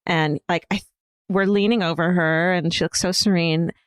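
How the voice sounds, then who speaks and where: Animated woman telling a story, dry sound. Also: lowish voice, moderate pace, clean tone, no echo. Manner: animated storyteller, swears freely, laughs often. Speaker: podcast co-host. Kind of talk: casual comedic chat, reading a listener story.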